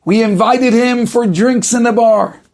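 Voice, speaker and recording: A firm judge declares his account with rising emphasis in a raised, high voice. The tone is gravelly. A male storyteller acts him out. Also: steady tone, measured pace, darkish tone. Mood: emphatic. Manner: emphatic, proclaiming.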